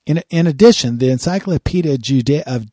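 Earnest husky male Bible teacher. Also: medium pitch, animated, fairly quick, warm tone, no echo, studio quality. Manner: earnest, repeats words when starting phrases. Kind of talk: sermon-style Bible teaching.

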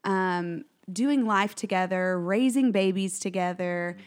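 A woman's voice: medium pitch, slow. A woman co-hosting a podcast in casual chat, bubbly and enthusiastic. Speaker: podcast co-host.

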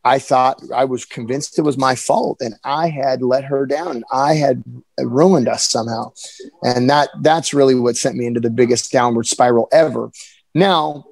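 An earnest young man tells his own story candidly. He has an average-pitched voice and often stumbles and restarts mid-sentence. The sound is dry and close. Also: creaky, a little mellow, no echo, rough recording. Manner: earnest, halting with frequent restarts. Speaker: personal storyteller. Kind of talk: candid personal account.

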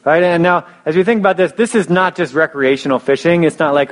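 A man's voice: a little high, fairly quick, hardly any pauses. A young man preaching a sermon in a casual storytelling way, often restarting phrases and adding fillers. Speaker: pastor.

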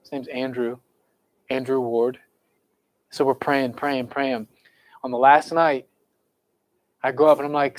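A man's voice: medium pitch, level tone, measured pace, pauses often, no room sound. A young man telling a conversion story in a sermon to students and counselors, earnest and conversational, then leading a prayer. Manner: earnest, conversational, quotes people casually. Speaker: camp speaker.

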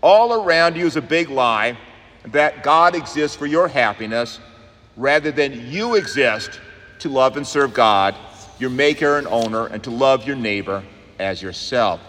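A man's voice: animated, measured pace, a bit bright, a little hiss or hum. Man preaching with long church reverb. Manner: earnest preaching, rising in pitch and speeding up on key points. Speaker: pastor. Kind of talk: sermon. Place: church sanctuary.

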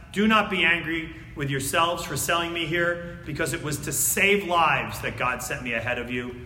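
Man, preacher, high-pitched, reading scripture with drama, long hall reverb. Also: a little hiss or hum. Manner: swings between loud emphatic reading and hushed near-whispers. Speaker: pastor. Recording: echoey hall.

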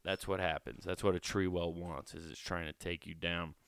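A man's voice: sits low, steady tone, moderate pace, gravelly, fairly bright tone, clean tone, no room sound. A man hosting his own podcast in a rambling, profane way, often restarting his sentences as he talks from a small recording room. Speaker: podcast host. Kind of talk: casual solo podcast monologue.

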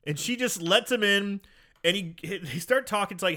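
A man co-hosting a casual chat, telling a story with a lively, swinging delivery. His voice is bright and forward, somewhat higher than most men's, and he acts out the characters' lines as he goes. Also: moderate pace. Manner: animated storytelling, acting out quoted lines, frequent laughs and swearing. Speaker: podcast co-host recapping a film.

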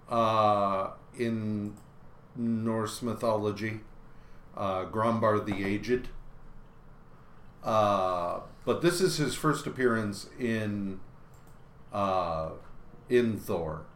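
A man co-hosting a casual comic book podcast, recapping issues in a halting way with many filler pauses. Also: on the low side, roomy sound, slight background noise.

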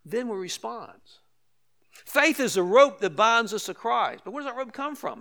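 An older pastor preaches conversationally in a fairly high voice with big pitch swings, at a moderate pace and with a pushed, bright tone. He repeats key phrases for emphasis and throws asides to his listeners.

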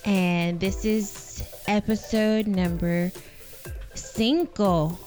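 A woman co-hosting a casual podcast, introducing herself playfully in a slow, drawn-out way. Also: mid-range voice, steady tone, a little mellow, soft background music. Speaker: podcast co-host. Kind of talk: casual chat.

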